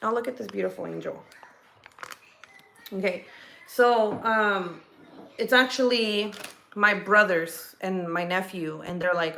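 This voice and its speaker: In her home kitchen, a livestreamer from California tells a personal story casually, full of fillers, restarts, and cursing. She has a medium-pitched, creaky voice with a sharp tone, speaking unhurriedly and pausing often.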